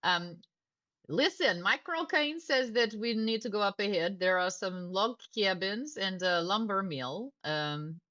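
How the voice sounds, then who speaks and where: A woman playing a tabletop role-playing game, playful and theatrical, quick to laugh while she talks. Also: mid-range voice, sharp tone, highs cut off. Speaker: player. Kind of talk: tabletop role-play, partly in character.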